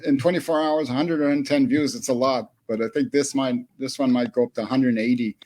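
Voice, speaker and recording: A man hosting an online comedy show, chatty and halting, over a video call. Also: mid-range voice, fairly even intonation, a little mellow. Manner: halting and chatty, with fillers and chuckles.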